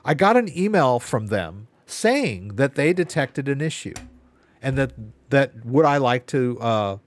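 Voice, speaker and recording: A man's voice: mid-range voice, big pitch swings, a little slow. A man hosting a live Q&A stream, telling a rambling story with exasperated asides. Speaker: live Q&A host. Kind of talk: casual live-stream chat.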